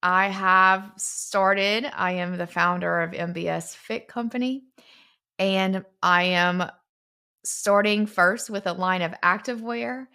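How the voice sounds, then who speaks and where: A woman's voice: medium pitch, steady tone, slow, vocal fry, bright, forceful tone, clear, resonant tone. A middle-aged woman earnestly telling a personal story, as the founder of a fitness brand.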